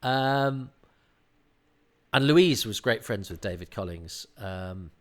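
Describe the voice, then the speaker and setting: A man giving a casual commentary on a classic TV serial, chatty and halting, breaking into acted-out quotes. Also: on the low side, animated.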